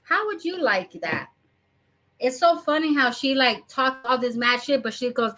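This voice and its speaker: A woman's voice: sits high, lively intonation, normal speed, a bit bright. A woman hosting a commentary channel, ranting bluntly in casual talk, swearing and mocking the people she quotes. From Arizona.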